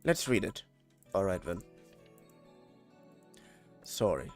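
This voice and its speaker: A man's voice: low-pitched, big pitch swings, takes it slowly, faint music behind. A man with a German accent reading game dialogue aloud on a stream, tripping over words and swearing when annoyed.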